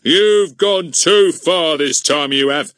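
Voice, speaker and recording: A man's voice: lowish voice, expressive, a little slow, bright, forceful tone, slightly rough, dry recording, studio quality, full character voice. A man voicing a blustering, pompous middle-aged village policeman who stammers when flustered, in an audiobook. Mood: gloating.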